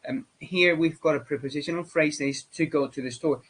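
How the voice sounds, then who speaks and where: A man whose first language is Spanish, lecturing on English grammar as a teacher, halting with many fillers and restarts. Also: on the high side, fairly bright tone, husky, rough recording.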